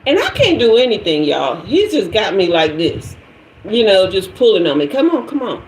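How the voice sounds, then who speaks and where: A woman in her forties, a tarot reader, telling a dramatic story on a livestream in an animated way. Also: mid-range voice, normal speed, a little hiss or hum. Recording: echoey room.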